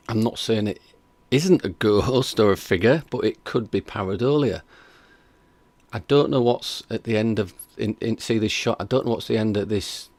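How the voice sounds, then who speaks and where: A man's voice: lowish voice, a little mellow, no echo. A man hosting a reaction stream, chatting casually and skeptically while reading out viewer comments. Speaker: reaction video host.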